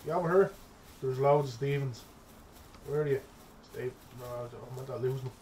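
A young man giving casual let's-play commentary, excitable and profane, chattering to his in-game pet as he plays. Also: mid-range voice, normal speed, long pauses, a little hiss or hum. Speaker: gaming streamer.

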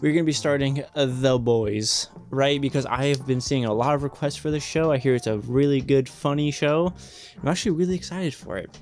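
A man's voice: mid-range voice, a little fast, darkish tone. Young guy rambling thru a reaction vid intro, sarcastic, swears a lot, faint music behind. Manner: rambling, joking, sarcastic asides; swears casually. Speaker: reaction video host. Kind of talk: casual reaction commentary.

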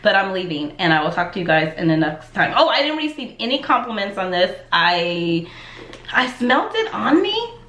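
A woman vlogger chatting casually to her viewers as she gets ready to go out, rambling through animated asides. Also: lowish voice, a little fast, hardly any pauses, echoey room. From United States. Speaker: lifestyle vlogger. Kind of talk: casual chat to camera.

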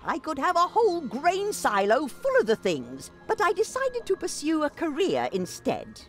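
An actress voicing a sharp-tongued, eccentric old woman in a video game, speaking in a haughty, dramatic way. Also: high-pitched, wildly swooping pitch, moderate pace, soft background music, exaggerated voice. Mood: dry. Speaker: game character.

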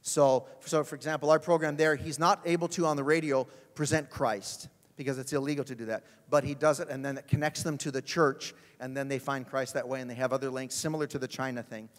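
A male pastor telling a story in a sermon, animated and acting out the people in it. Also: medium pitch, fairly quick, few pauses. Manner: animated, acts out voices in his stories. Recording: long hall reverb.

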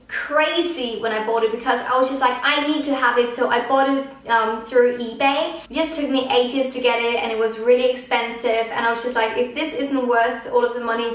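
A young woman vlogger giving a casual, gushing review of beauty products. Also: fairly high pitch. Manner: gushing, enthusiastic. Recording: very echoey room.

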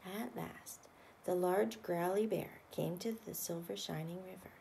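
Slow, expressive woman reading a bedtime story. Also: lowish voice, gravelly, a little hiss or hum.

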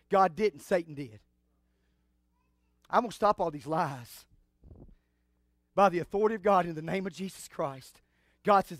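High-voiced fiery male preacher. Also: moderate pace, long pauses, no room sound, studio quality. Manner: impassioned, swings between shouts and hushed asides; call-and-response exclamations. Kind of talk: fiery sermon.

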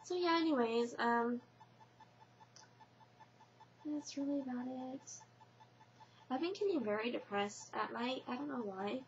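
A woman's voice: on the high side, a little slow, long pauses. A young woman talking casually to her camera in a rambling vlog, full of fillers and restarts. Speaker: vlogger. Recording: muffled lo-fi webcam audio with faint hiss.

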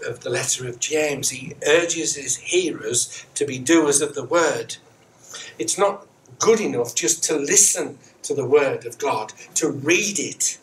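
It's Sunday in the church sanctuary, and a middle-aged Methodist minister with a mid-range, slightly bright voice is preaching. His tone is chatty and self-mocking, full of repeated rhetorical questions. A faint hiss comes from the far-off church microphone.

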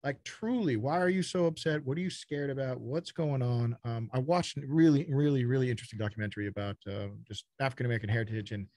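A man's voice: medium pitch, fast talker, hardly any pauses, dark tone, dry recording, studio quality. A man from Texas, a startup founder speaking as a podcast guest, talking bluntly and casually, swearing and repeating words as he goes.

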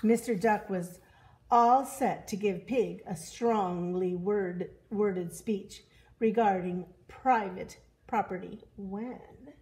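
A woman reading a children's picture book aloud, animated and expressive, doing voices for the animals. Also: mid-range voice, slow. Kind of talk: children's story read-aloud.

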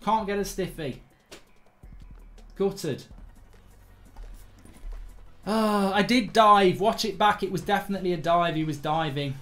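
High-voiced man gaming. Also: measured pace, pauses often. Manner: animated, self-mocking, exasperated. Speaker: gaming streamer. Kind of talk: live gameplay commentary. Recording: faint music behind.

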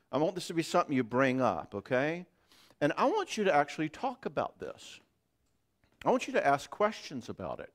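A man giving a marriage conference talk in a church, conversational and joking. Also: medium pitch.

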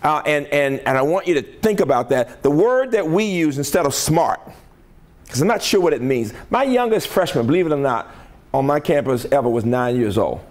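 This older Southern man's voice is fairly high and expressive, moving at normal speed. A college president, he gives an emphatic, rhetorical motivational keynote in a conference hall, regularly checking in with the crowd.

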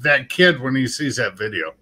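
A man's voice: mid-range voice, very animated, normal speed, pushed and bright. A man hosting a casual interview, eagerly backing up his guest's story. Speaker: show host. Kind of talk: casual live-stream interview.

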